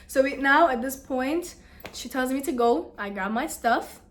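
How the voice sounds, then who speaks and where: A young woman vlogger telling a story to the camera in a casual, animated, exasperated way. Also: sits high, measured pace.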